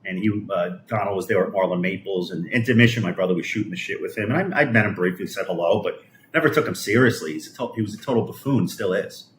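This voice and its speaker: Foul-mouthed New streamer, echoey room. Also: male voice, low-pitched, slight background noise. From Brooklyn, New York. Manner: foul-mouthed, scornful, halting with restarts. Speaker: live streamer. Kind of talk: profane political rant on a live stream.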